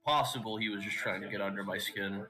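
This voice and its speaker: A man voicing a weary, gravely ill warrior in a tabletop game, speaking flat and resigned. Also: lowish voice, fast talker, low-quality recording. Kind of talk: tabletop role-play.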